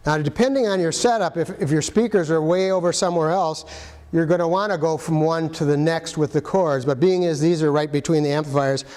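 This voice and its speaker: A man with a fairly high voice walks through setting up sound gear in a casual, practical way. He talks straight to the viewer with homespun asides. The room around him rings with a long reverb. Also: brisk, a little mellow. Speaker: arts facility equipment guide. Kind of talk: casual instructional walkthrough.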